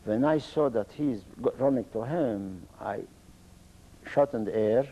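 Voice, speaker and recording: An older man with an Eastern Polish accent gives oral history testimony in slow, halting English. He is a native Polish speaker who searches for words and restarts his sentences. His voice sits mid-pitch with a dark, mellow tone. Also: low-quality recording. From Poland. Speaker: interviewee.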